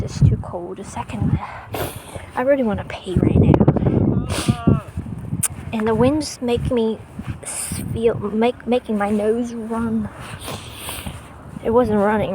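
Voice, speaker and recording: On a cold, windy beach, an excitable woman records casual vlog commentary in a fairly high-pitched voice. She gushes with exclamations while loud wind noise fills the outdoor recording.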